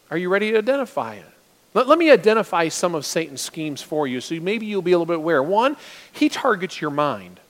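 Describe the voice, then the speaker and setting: Fervent high-voiced male preacher in a hall. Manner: fervent preaching, swinging between loud urgency and hushed asides. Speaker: pastor. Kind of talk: sermon. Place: church sanctuary.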